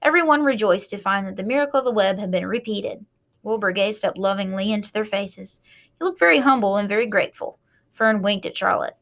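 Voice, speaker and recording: A woman's voice: medium pitch, vocal fry, a bit bright. A woman reading a children's book aloud, adding casual asides between passages. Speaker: reader.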